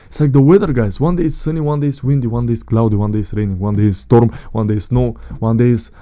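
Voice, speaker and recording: Recorded dry in clean studio sound, a man with a mellow mid-range voice talks fast with few pauses. His direct-to-camera motivational talk on self-improvement is blunt and earnest, repeating phrases and addressing viewers as "guys."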